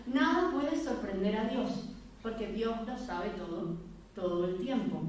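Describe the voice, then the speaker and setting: A woman's voice: on the high side, darkish tone, slight background noise. Woman preaching in an echoey church. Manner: storytelling, acting out quoted voices, candid. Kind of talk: personal testimony sermon. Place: church hall. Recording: echoey church hall, mic at a distance.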